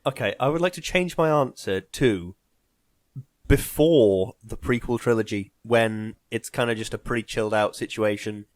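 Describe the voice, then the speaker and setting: A man's voice: fairly low pitch, normal speed, no echo, studio quality. A man as a podcast guest, rambling and wryly interrupting himself in casual chat. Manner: rambling, self-interrupting, wry.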